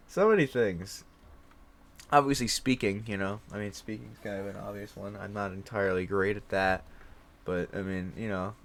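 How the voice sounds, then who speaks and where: A young man rambling in a casual monologue, circling back with fillers and restarts and laughing at himself. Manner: rattling off a long string of mock-German names, rising higher and louder. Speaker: host.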